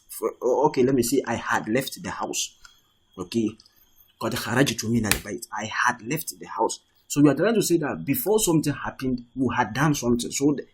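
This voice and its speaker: A man's voice: mid-range voice, breathy edge. A man teaching an Arabic reading lesson, translating line by line and patiently repeating and rephrasing each point.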